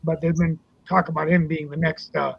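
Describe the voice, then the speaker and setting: A man co-hosting a political talk show, reminiscing casually about a late politician, with many pauses and fillers. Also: on the high side, flat delivery, gravelly, breathy edge. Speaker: co-host, city councilman. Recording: dull lo-fi sound.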